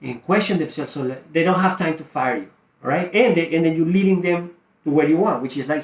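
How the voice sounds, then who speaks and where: A man's voice: a little high, fast, roomy sound. A man coaching real estate wholesalers, teaching a phone script and acting out both sides of the call.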